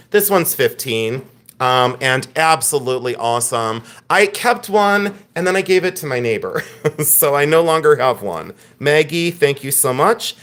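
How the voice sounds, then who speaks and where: A man hosting a live jewelry sale stream, chatting excitedly, joking and laughing with viewers. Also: a little high, clear, resonant tone. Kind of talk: casual live-stream sales chat.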